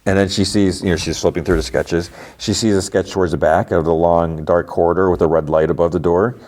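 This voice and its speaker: Here a man with a low, somewhat dark voice and fairly even intonation talks a bit fast. As a podcast host doing a casual TV recap, he retells the episode in a rambling fashion, full of "like," and plays out the dialogue.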